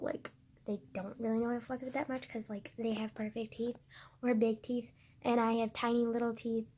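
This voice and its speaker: A woman's voice: fairly high pitch, warm tone, a little hiss or hum. A young woman vlogging in a casual, rambling way, swearing often and sometimes dropping into a whisper.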